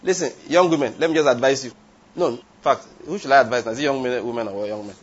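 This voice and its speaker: A man preaches an emphatic sermon, posing rhetorical questions to the congregation and wandering into tangents. His mid-range voice is slightly rough and fast, and the recording sounds dull and lo-fi.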